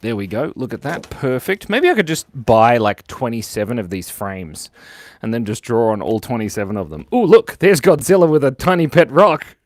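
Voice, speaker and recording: A man hosting a live drawing stream, cheerful and chatty, his voice bouncing up and down in pitch as he thanks viewers one after another. He talks into a clip-on mic, and the sound is dry and close with no room echo. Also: very animated, moderate pace. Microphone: clip-on lapel mic.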